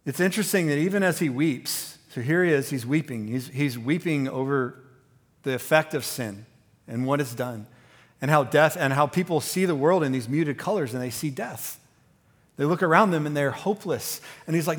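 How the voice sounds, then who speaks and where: A man preaching a sermon as pastor, talking conversationally with many fillers and restarts, growing animated as he goes. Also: a little high, moderate pace, breathy edge.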